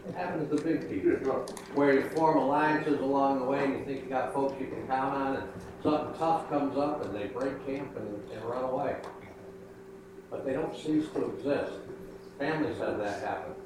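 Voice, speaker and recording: A man's voice: mid-range voice, moderate pace. An older man, a pastor, telling a folksy children's sermon about his granddaughter. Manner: folksy storytelling. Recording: echoey room, mic far off, noisy.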